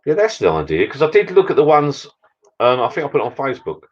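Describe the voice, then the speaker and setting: A man's voice: medium pitch, wildly swooping pitch, fast talker, darkish tone, dull audio. A British man hosting a casual live chat with viewers, rambling chattily while drinking beer. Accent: British English. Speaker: livestream host chatting with viewers.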